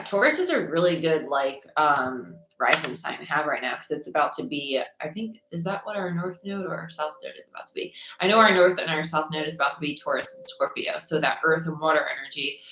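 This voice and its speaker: A young woman with a fairly low voice that sounds a little worn, as if she is losing it. She chats in a bubbly, rambling way, greeting viewers by name. The room is echoey, with faint noise underneath. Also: a bit bright. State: slightly losing her voice. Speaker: tarot reader livestreaming. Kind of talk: casual livestream chat.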